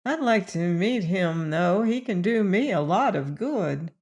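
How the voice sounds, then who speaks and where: A brash young man with slangy street talk speaks in an unhurried way, voiced by a woman reading the story. His tone is cocky and dismissive. This is an audiobook character voice. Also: on the low side, expressive, darkish tone.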